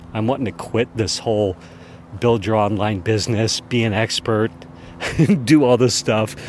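A man with a fairly low voice spins a casual, animated story for his podcast audience. He chuckles now and then as he talks, with a faint hum of noise behind him. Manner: animated, chuckling anecdote teller. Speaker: podcast host.

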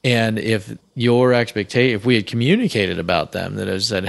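A man with a low, gravelly voice co-hosts a relaxed couples podcast. He talks things through in a measured, explanatory way and retells past conversations step by step. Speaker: podcast co-host. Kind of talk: casual couples chat.

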